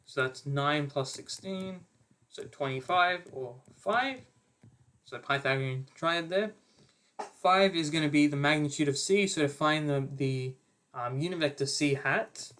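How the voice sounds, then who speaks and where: A man's voice: a little high, unhurried, fairly bright tone. Young man tutoring maths. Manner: casual, talks through working step by step with fillers and self-corrections. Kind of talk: online exam-revision lecture.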